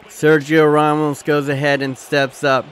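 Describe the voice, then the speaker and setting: A man with a fairly high, bright and forceful voice hosts a live stream, calling each moment as it happens. He swears freely, thanks viewers by name and bursts into shouts when the action turns. Faint ambient noise sits behind him. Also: unhurried. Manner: excitable, profane, shouts at big moments; talks to his chat and thanks viewers. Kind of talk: live watchalong commentary.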